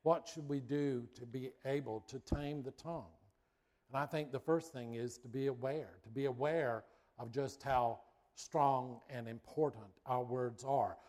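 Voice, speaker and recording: Middle-aged man, pastor, animated storyteller who moves from a comic anecdote into a sermon point. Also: mid-range voice, measured pace. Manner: lively storyteller, builds suspense then makes a point.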